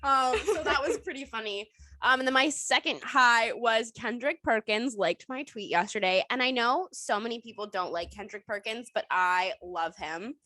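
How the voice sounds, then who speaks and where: A young woman co-hosts a casual podcast in a bright, fairly high voice. She rambles from story to story, swears freely and keeps breaking into laughter. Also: normal speed, no room sound. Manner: profane, rambling, laughs often. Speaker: podcast co-host. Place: outdoors at her mother's home. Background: dog barking and squirrel noises.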